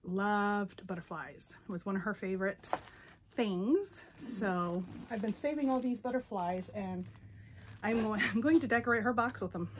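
A woman's voice: medium pitch, a little slow, noisy background. A woman vlogger chatting casually through a box opening, gushing and sentimental. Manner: gushing, sentimental, easily moved. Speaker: doll collector vlogger.

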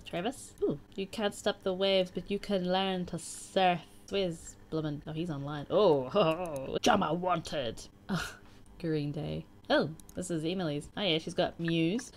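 A woman's voice: on the low side, measured pace. A young woman casually commenting on a game she is playing and reading its chat messages aloud in a playful, chatty way. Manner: chatty and playful, reacting with sighs and laughs. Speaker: gaming YouTuber.

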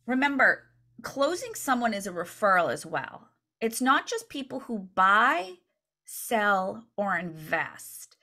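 A woman coaching real estate agents in a training session, energetic and chatty, often checking in with "right?". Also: mid-range voice, takes it slowly.

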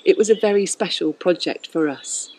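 A woman calmly explaining things to schoolchildren in a warm-hearted address. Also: lowish voice, moderate pace, slight background noise, poor audio. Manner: calm, explanatory.

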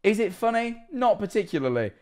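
A man's voice: high-pitched, big pitch swings, fairly quick, a little mellow. A young man casually reacting to videos on stream, rambling, swearing freely and laughing often.

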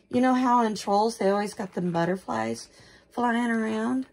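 A woman's voice: a little high, normal speed, gravelly, a little mellow. A woman vlogging about her dolls in rambling, homespun casual chat that gushes with gasps. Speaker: doll collector vlogger.

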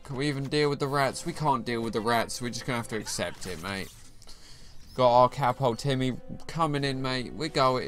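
A young man giving casual, excitable commentary over his own mobile game, bantering at his opponent. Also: medium pitch, a little fast. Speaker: gaming YouTuber. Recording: faint game music behind the voice.

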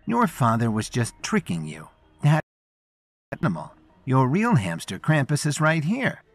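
A man's voice: medium pitch, wildly swooping pitch, unhurried, no echo, soft background music, pitched above the performer's own voice, full character voice. A man voicing a confident woman improv performer with a teasing, reassuring manner.

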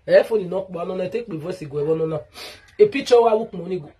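With a fairly low, warm, breathy voice and a quick pace, a Nigerian woman rants to camera in a vlog. She sounds aggrieved, circling back to the same complaints as she calls out a rival directly.

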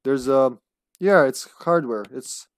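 A man's voice: mid-range voice, takes it slowly. A man streaming a horror game live, chatting casually and rambling, laughing often between remarks. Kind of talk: casual gameplay commentary.

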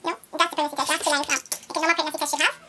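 A woman's voice: sits high, little pitch movement, rapid-fire, sharp tone. A woman giving a rambling step-by-step vlog commentary. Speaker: vlogger. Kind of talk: casual tutorial-style vlog. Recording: echoey room with faint noise.

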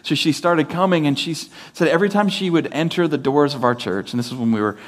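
A man preaching a sermon with a slightly higher voice than most men. He talks like he is chatting with the congregation, relaxed and informal, with filler words and sentences that start over. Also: fast talker. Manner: conversational storytelling, loose with fillers and restarts. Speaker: pastor.

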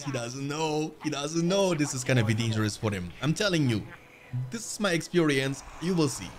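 A man giving live commentary on his own strategy game as a streamer, addressing viewers as "boys" and swinging from muttering to yelling at the screen. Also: medium pitch, a little hiss or hum. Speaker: gaming streamer.

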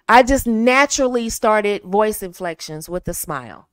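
A woman's voice: medium pitch, animated, normal speed, few pauses, clean tone, dry recording, clean studio sound. An American woman in her thirties, hosting and giving confident, casual dating advice to women, often laughing and acting out bits of dialogue.

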